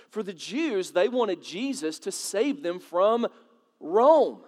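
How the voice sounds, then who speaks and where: A man's voice: high voice, expressive, unhurried, big-room sound. A man preaching a sermon in a conversational way, asking the congregation questions and building to dramatic swells. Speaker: pastor.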